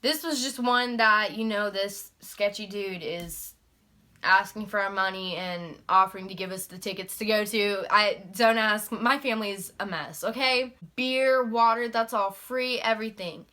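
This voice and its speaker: Bright-voiced young woman telling a story. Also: medium pitch, normal speed. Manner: animated, swears freely, mimics shocked voices. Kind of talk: casual storytime vlog.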